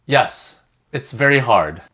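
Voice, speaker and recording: A man's voice: medium pitch, animated, slow pace, sharp tone. Young guy rambling on a podcast, like like like, voice swoops around a lot. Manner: rambling, many fillers and restarts. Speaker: podcast co-host. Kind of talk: casual group chat.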